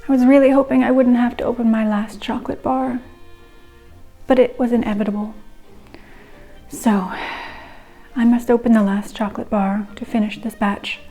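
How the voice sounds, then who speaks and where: A woman's voice: a little high, flat delivery, moderate pace, long pauses, dark tone, faint music behind. A young woman chatting casually through a home cooking vlog, giggly and rambling with little asides. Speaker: home cook vlogger.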